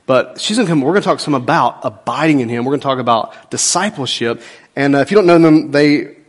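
A man, a pastor giving a folksy, emphatic sermon in church and swinging between loud and soft. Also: mid-range voice, animated, fast talker. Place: church sanctuary.

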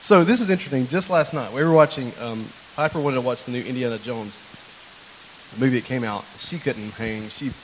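A man's voice: medium pitch, fairly quick, a little hiss or hum, low-quality recording. A man preaching a sermon as pastor, telling family stories in a loose, joking, conversational way and talking directly to the congregation. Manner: chatty, joking storyteller who talks to the congregation. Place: church.

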